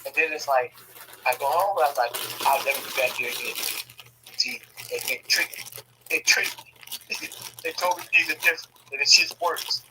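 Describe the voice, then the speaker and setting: A man telling a family story casually, profane and animated, often laughing. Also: fairly high pitch, normal speed, pauses often, background noise.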